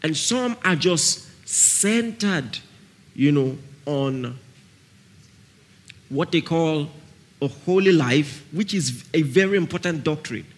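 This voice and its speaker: Preaching at a camp meeting, this Nigerian-accented man speaks slowly with a fairly high, expressive voice. He delivers his points emphatically, repeating key phrases and repeatedly checking that his listeners are following him.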